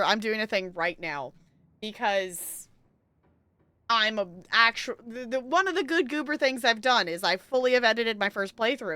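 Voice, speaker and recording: A woman streaming a narrative game live, reading its text aloud and gushing with quick laughs between lines. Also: a little high, sharp tone, dry recording.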